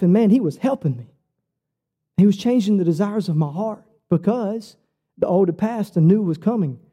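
A man preaching a sermon, telling his own story earnestly and personally. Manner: earnest, personal storytelling with lively shifts in pitch.

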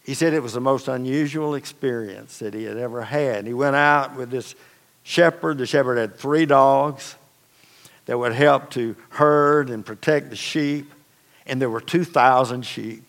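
A man's voice: medium pitch, a little slow, vocal fry, fairly bright tone. A man preaching a sermon as pastor, telling stories in a conversational, folksy way with casual asides. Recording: long reverb of a large hall.

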